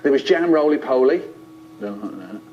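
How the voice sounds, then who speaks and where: A man telling a childhood story in a playful, expressive way. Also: medium pitch, moderate pace. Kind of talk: animated storytelling. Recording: lo-fi, muffled.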